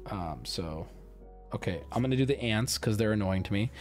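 A man streaming live, chatting casually with his viewers while he opens card packs, swearing and switching between loud bursts and mumbling. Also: lowish voice, expressive, moderate pace, faint music behind.

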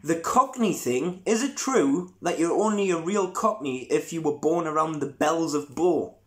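Curious higher-voiced Northumbrian man. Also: expressive, moderate pace. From Northumberland, northeast England. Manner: inquisitive, conversational. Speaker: interviewer. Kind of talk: casual chat.

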